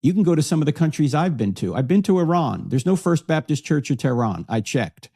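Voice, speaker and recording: A man's voice: on the high side, big pitch swings, brisk, warm tone, husky, dry recording, studio quality. A man guest author answering with wry anecdotes in an interview. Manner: wry storyteller.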